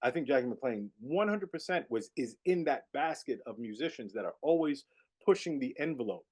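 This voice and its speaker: Medium in pitch and speaking at normal speed, a middle-aged guest saxophonist from the jazz world shares stories during a relaxed interview. His telling is animated and peppered with "you know."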